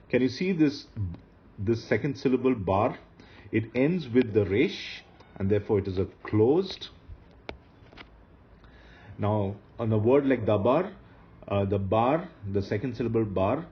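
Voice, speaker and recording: A man teaching grammar rules in a slide-based lecture, speaking slowly and repeating the key rules for emphasis. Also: fairly low pitch, lively intonation, muffled recording.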